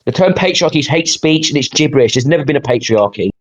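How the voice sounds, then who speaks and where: A man's voice: on the high side, expressive, quick pace, lo-fi sound. A man hosting, reacting to a clip with exasperated, sarcastic rants and frequent swearing. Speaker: podcast host. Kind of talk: heated reaction commentary.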